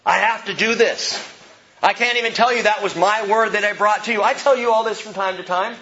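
A male pastor preaching a verse-by-verse sermon with emphasis, his voice rising and falling between soft and loud. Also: sits high, a little fast, highs cut off.

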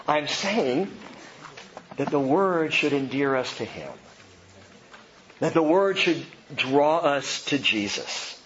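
A man with a somewhat high voice preaches to his congregation in a church. He moves his voice from hushed lows to excited highs and lends voices to the people in his examples. The recording is a little dull, with faint room noise underneath. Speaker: pastor. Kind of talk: sermon.

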